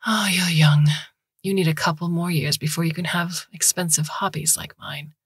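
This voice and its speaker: A woman plays a soft-spoken, wry woman doctor, calm and casual. the voice is low and husky, recorded close with a dry sound. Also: normal speed, dry recording.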